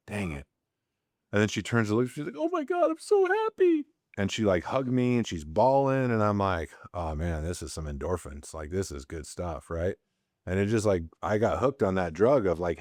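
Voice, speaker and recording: A middle-aged man hosting a podcast, telling rambling stories and often tacking on quick tag questions. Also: deep voice, a little mellow, no room sound, clean studio sound. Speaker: podcast host. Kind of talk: casual storytelling talk.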